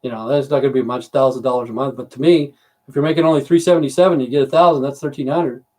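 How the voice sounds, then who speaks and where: Racing along in a mellow, mid-range voice with a steady tone, an American man in his fifties or sixties hosts a livestream from home. He rambles, swears freely, and speaks bluntly to viewers over a computer mic.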